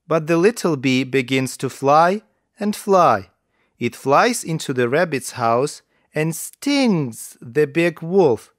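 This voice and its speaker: A man narrating children's stories in a slow, careful way for English learners, with lively intonation. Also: medium pitch, no echo, studio quality.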